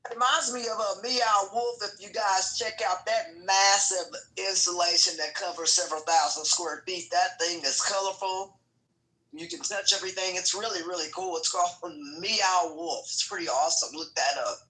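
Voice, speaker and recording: A woman's voice: lowish voice, normal speed, bright, forceful tone. A woman on a group call, eagerly recommending something after apologizing for her connection cutting out. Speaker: call participant. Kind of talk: casual group call chat. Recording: roomy sound over a call line that cuts out.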